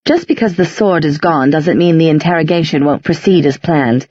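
A woman's voice: sits low, lively intonation, moderate pace, dark tone, breathy edge, dry recording, lo-fi sound. A woman reading aloud and voicing a cold, sarcastic female Inquisitor with a cutting, clipped manner.

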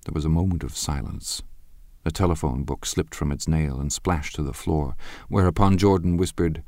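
A man narrating a novel as an audiobook in a measured, understated way. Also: extremely low pitch, fairly even intonation, vocal fry, a little mellow, no echo. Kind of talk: scripted narration. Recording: dry close studio sound.

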